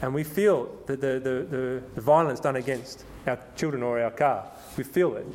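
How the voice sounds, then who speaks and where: A man preaching through a Bible passage, stumbling and restarting as he explains, then reading scripture slowly and with emphasis. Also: medium pitch, a little mellow. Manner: conversational, with frequent restarts and repetitions. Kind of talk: sermon, Bible exposition.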